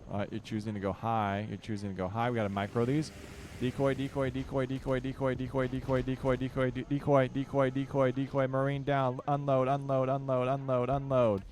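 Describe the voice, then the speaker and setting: A man's voice: medium pitch, monotone, brisk, few pauses, a little mellow, a little hiss or hum. A young man giving casual commentary while playing a strategy game, barking orders at his units and grumbling with joking exasperation. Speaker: gaming channel host.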